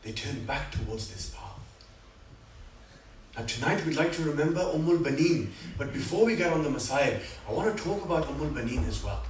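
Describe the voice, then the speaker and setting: A man with a fairly high voice delivers a sermon, telling stories with surging dramatic passages and hushed reflective ones. He is heard from some distance in a reverberant hall, with a faint hum of room ambience behind him. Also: expressive, fairly quick. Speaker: speaker at a religious gathering. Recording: echoey hall, speaker far from mic, faint room noise.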